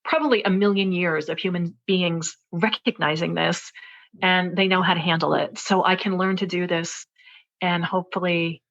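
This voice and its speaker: A woman's voice: fairly low pitch, steady tone, normal speed, a bit bright. A woman author talking as an interview guest, telling a personal story in an earnest, searching way, with many fillers and restarts. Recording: dull, lo-fi interview audio.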